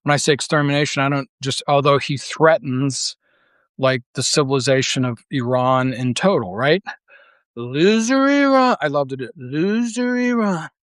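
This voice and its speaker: A man's voice: mid-range voice, fairly even intonation, fairly quick, fairly bright tone, no room sound. Rambling man, dry close sound. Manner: rambling, filler-heavy, with frequent restarts; blunt and profane. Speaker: political commentator. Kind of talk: casual monologue.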